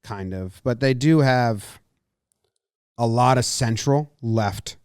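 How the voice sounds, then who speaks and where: Brief: man, mid-pitch sports podcast co-host, brisk and joking, dry close sound. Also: a little mellow, clear, resonant tone, no echo. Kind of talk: casual sports chat.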